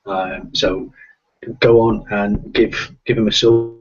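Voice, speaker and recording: A man's voice: fairly low pitch, flat delivery, slow, slightly rough. A man with a Liverpool accent hosting a casual live stream, hesitant with lots of ums. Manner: hesitant, with many ums and restarts. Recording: distant, dull lo-fi online call audio.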